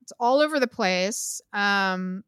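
A woman's voice: medium pitch, animated, slow, fairly bright tone, clear, resonant tone, no room sound. A woman in her thirties co-hosting a podcast, chatting casually with strong opinions and lots of "like" and "um". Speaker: podcast co-host. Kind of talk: casual chat.

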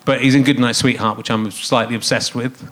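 A middle-aged man hosting a live comedy interview, riffing in quick jokey rants. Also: mid-range voice, steady tone, a bit bright. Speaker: comedy podcast host. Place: live theatre stage.

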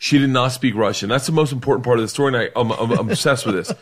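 A man's voice: medium pitch, rapid-fire. A man in his thirties telling a long comic story to friends on a podcast, rowdy and laughing, acting out the voices of the people in it. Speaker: podcast host. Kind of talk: drunken storytelling among friends.

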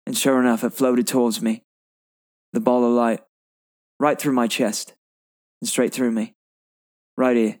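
A man's voice: mid-range voice, little pitch movement, a little slow, pauses often, a little mellow, dry recording, clean studio sound, lightly acted. A man voicing an earnest young British man with a put-on British accent, reading a heartfelt movie monologue.

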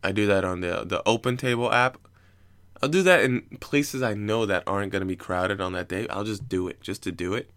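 A man's voice: fairly low pitch, a little fast, a bit bright. A young adult man telling stories in a casual, comic way, rambling and swearing and laughing at his own jokes.

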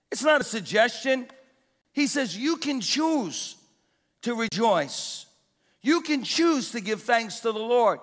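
A pastor preaching a sermon with emphatic, repeated exhortations in a church. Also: male voice, extremely high pitch, fairly bright tone, big-room sound.

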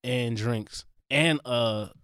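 A man's voice: medium pitch, extremely slow, fairly bright tone, clear, resonant tone, no echo. A young man with a mid-range voice spins a travel story in loose, profane, laughing chat. The sound is dry and close, with no room around it.

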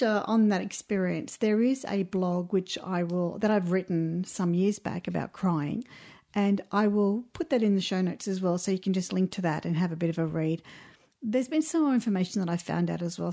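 A woman's voice: medium pitch, normal speed, warm tone. A woman co-hosting a casual podcast. She talks candidly and from the heart, with frequent ums and restarts. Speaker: podcast co-host.

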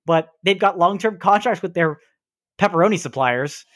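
A man co-hosting a podcast in casual chat over a video call, telling stories in a rambling, animated way. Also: on the high side, fairly quick, no room sound, studio quality. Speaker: podcast co-host.

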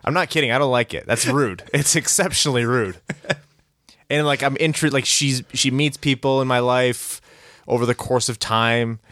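Man, podcast co-host, comic ranting, exaggerated storytelling, mid pitch, dry close mic. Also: moderate pace, fairly bright tone, no echo. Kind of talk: casual sports podcast chat.

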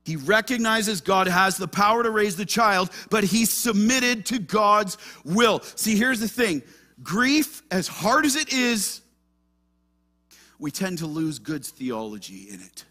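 Male pastor, impassioned sermon delivery, high bright voice, hushed to fervent. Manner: impassioned preaching, swings between hushed and loud.

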